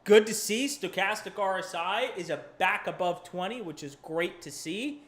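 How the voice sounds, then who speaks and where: A man's voice: high voice, moderate pace, fairly bright tone. A man hosting a live crypto chart show, talking casually with profanity, restarts and rambling asides. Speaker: crypto market analyst and channel host. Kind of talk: casual live market commentary.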